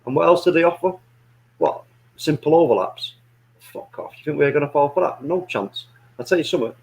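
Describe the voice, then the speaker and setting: A man's voice: a little high, expressive, a little fast, vocal fry, rough recording. A man, co-hosting a football watch-along in casual, swearing banter. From England. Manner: loud, banter-heavy, swearing, laughing. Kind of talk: casual chat.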